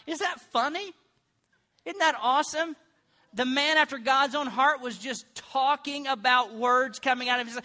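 A middle-aged man preaching a sermon as pastor, telling comic stories with sudden loud bursts and mock prayer voices. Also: very high voice, a little slow.

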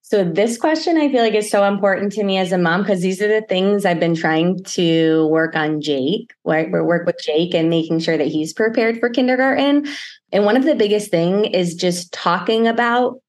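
A woman's voice: medium pitch, normal speed, darkish tone. A woman in her thirties, a school counselor and mother, answering interview questions in a casual, explanatory way. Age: 30s.

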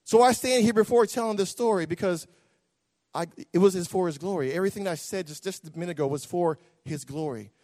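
A man preaching a testimony with passion and repetition, dropping to a hush and rising to a shout. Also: high voice, brisk. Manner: impassioned, repetitive, swings from hushed to shouting. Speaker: pastor. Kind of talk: sermon testimony. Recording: long reverb of a large hall.

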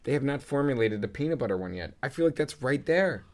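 A young man co-hosting a casual chat, rambling through animated stories with swearing. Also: medium pitch, fast. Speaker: podcast co-host.

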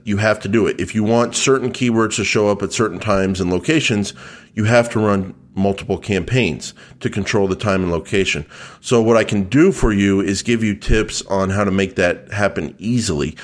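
A man co-hosting a podcast, answering a listener's question in a dry, matter-of-fact way. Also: lowish voice. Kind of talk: casual explanatory talk.

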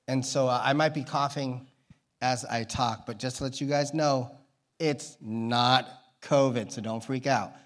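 This guest preacher takes his time, his medium-pitched voice animated as he gives a laid-back sermon to the congregation. He rambles, jokes and keeps veering into tangents.

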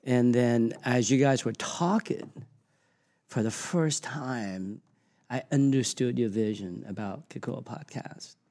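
A middle-aged podcast host tells stories with a lot of energy. He swears freely and laughs along with his own anecdotes. His voice sits in a plain middle pitch. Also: takes it slowly, darkish tone. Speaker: podcast host and gym owner. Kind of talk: casual storytelling.

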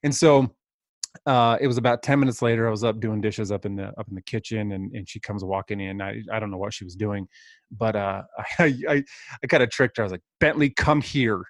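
A man's voice: fairly low pitch, fairly even intonation, brisk, dry recording, studio quality. A man in his thirties casually telling a rambling, self-deprecating story as a podcast co-host.

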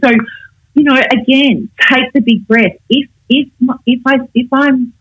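An older woman, a communication coach, explaining her advice in a measured, instructive way in a casual interview. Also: high voice, fairly even intonation, fairly bright tone, husky, dry recording, poor audio.

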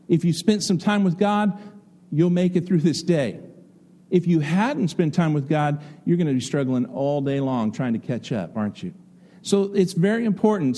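A middle-aged pastor preaching a conversational, folksy sermon full of stories and rhetorical questions. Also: male voice, high-pitched, dark tone.

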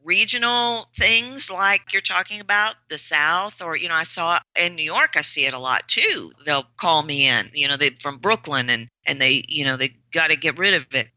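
Woman voice coach, interview guest, low voice with a bright forceful edge, emphatic. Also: lively intonation, normal speed, few pauses, no echo, low-quality recording. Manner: emphatic, repeats words for stress. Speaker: voice and presentation coach. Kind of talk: podcast interview answers.

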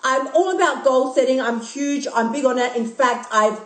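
Australian woman host, brash and animated, slightly high voice, phone mic in an echoey room. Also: moderate pace. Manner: blunt, swearing, animated, self-mocking. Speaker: podcast host and emotional eating coach. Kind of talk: casual live-stream monologue. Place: recorded live on a phone stream.

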